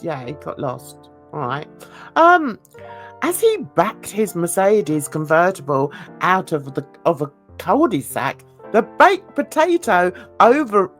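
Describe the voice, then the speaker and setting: A woman with a London accent gives chatty, giggly casual commentary while reading news aloud to her viewers. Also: on the low side. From London, England. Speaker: YouTube channel host.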